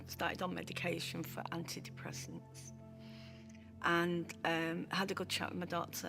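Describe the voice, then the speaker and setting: A woman shares her own story in a filmed testimony, her voice sitting a little low. She speaks from the heart and often repeats a phrase to stress it. Soft music plays faintly beneath her words. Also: vocal fry. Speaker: former client giving a testimony.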